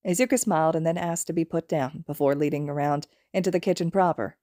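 A woman narrating fan fiction as an audiobook, in a calm, even storytelling manner. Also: low-pitched, fast, no room sound, clean studio sound. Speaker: podfic reader.

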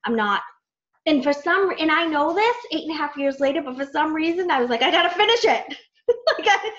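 A woman coaching new team members on a training call, chatty and animated, full of fillers and acted-out self-talk. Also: sits high. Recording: muffled lo-fi call audio.

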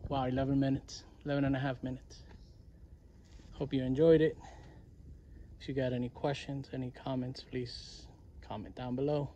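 A man casually narrating a walking tour of his garden and property outdoors, chatty and relaxed, saying y'all. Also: mid-range voice, normal speed, long pauses, highs cut off, a little hiss or hum. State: winded near the end. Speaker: vlogger giving a garden tour.

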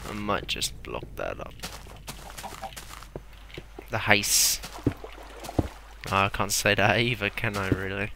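A man's voice: on the low side, lively intonation, slow pace, vocal fry, pauses often, background noise. A young man rambling and mocking himself as he plays a block-building game. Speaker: gameplay commentator. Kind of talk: casual Let's Play commentary.

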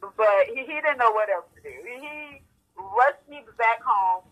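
A woman's voice: fairly high pitch, animated, measured pace, fairly bright tone, rough recording. A woman guest in an interview, telling her personal story candidly with many stammered restarts.

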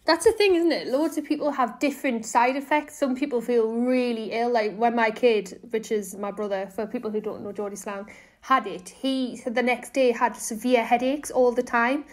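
A woman's voice: on the high side, moderate pace. A young woman with a Sunderland accent, co-hosting a podcast with bubbly, teasing chat. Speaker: podcast co-host. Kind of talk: casual chat.

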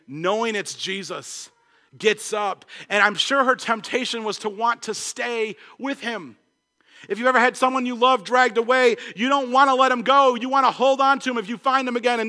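A male pastor preaching an earnest sermon, swinging between emphatic points and hushed asides. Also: high voice, moderate pace, in a large hall. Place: church.

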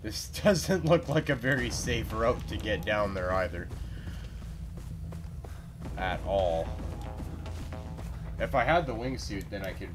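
A man's voice: lowish voice, animated, slow pace, pauses often. A man giving casual gameplay commentary, ranting and cursing as he plays, repeating himself in disbelief. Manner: profane, exasperated ranting with lots of repetition. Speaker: let's play gamer. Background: game music.

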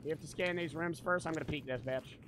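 A man's voice: fairly high pitch, quick pace, a bit bright, a little hiss or hum. A young man streaming a tactical shooter, chatting and joking with a lot of swearing. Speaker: gaming streamer. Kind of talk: live gameplay commentary.

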